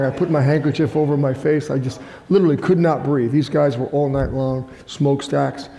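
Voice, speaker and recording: A man's voice: a little high, warm tone. An older man, a guest pastor, preaching a sermon in a casual, storytelling way with little jokes. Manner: chatty storytelling with self-deprecating jokes. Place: large church hall. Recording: echoey hall from far off.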